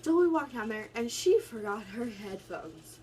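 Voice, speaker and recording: A woman's voice: on the high side, expressive, moderate pace, a little mellow, a little hiss or hum, rough recording. Chatty young woman vlogging. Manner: rambling, chatty, many restarts. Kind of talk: casual storytime vlog. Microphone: phone camera.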